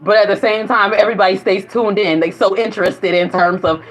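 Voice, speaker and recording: A woman's voice: mid-range voice, steady tone, brisk. A woman vlogging in a casual spiritual monologue, rambling and profane, often breaking into laughter. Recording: dull lo-fi recording.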